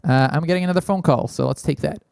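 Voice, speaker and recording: A man's voice: a little high, fast, vocal fry, a little mellow, clean tone, no room sound. Casual man rambling into a big studio mic. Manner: rambling, many fillers. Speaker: podcast host. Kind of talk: casual call-in chat. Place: small unfinished studio. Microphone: large studio mic, spoken into closely.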